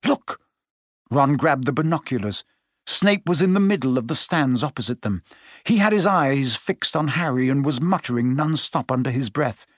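A man narrating a story aloud, expressive and changing his pace as he reads. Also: mid-range voice, moderate pace, dry recording, clean studio sound. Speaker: audiobook narrator. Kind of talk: scripted narration.

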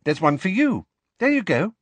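A man voicing a kind, persistent teenage schoolgirl in an audiobook, lifting his pitch and coaxing gently. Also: sing-song, normal speed, no room sound.

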